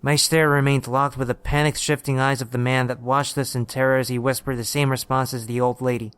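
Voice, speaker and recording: Smooth-voiced male horror narrator. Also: medium pitch, flat delivery, a little fast, a bit bright, no echo. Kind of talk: first-person horror story narration.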